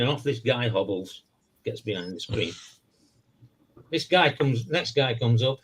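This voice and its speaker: A man's voice: medium pitch, a little slow, pauses often, poor audio. A man telling a long joke in casual chat, putting on voices for its characters. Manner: animated storyteller doing voices.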